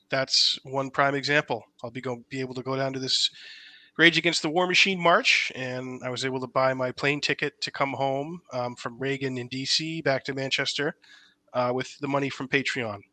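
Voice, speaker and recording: A man's voice: mid-range voice, bright, forceful tone, no echo. A man co-hosting a podcast, speaking bluntly and emphatically with frequent fillers. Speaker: podcast co-host. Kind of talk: casual political chat.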